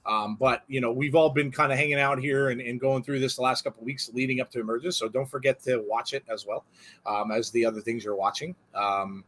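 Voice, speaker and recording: As host of a live wrestling watch-along, a man keeps up brisk, casual chatter in a medium-pitched voice. He's animated and prone to rambling, with laughter breaking in often.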